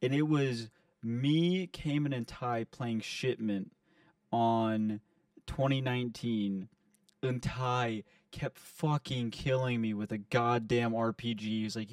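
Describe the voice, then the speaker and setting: Young male podcast co-host, animated storyteller, slightly distant dry mic. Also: medium pitch, takes it slowly, no echo. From Ohio. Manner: animated storytelling, swearing, laughing. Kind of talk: casual chat.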